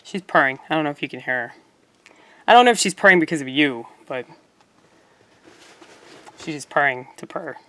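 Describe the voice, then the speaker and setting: A woman's voice: low voice, expressive, moderate pace, long pauses, fairly bright tone. A woman vlogger talking casually to her viewers, rambling and swearing, with lots of fillers. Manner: rambling, profane, filler-heavy. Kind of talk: casual rambling monologue to camera.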